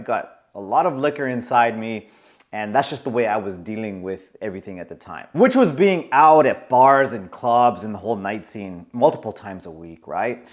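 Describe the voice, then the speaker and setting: A man in his forties telling a story to camera in a casual, animated way, acting out the voices of the people in it. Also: mid-range voice. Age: 40s. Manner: animated, acts out quoted voices. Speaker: coach.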